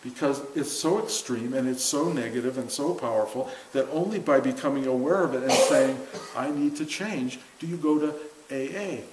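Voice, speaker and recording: Animated man giving a spiritual talk. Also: mid-range voice, fairly quick. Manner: animated, acts out quoted voices, laughs. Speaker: spiritual teacher. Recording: echoey room with faint hiss.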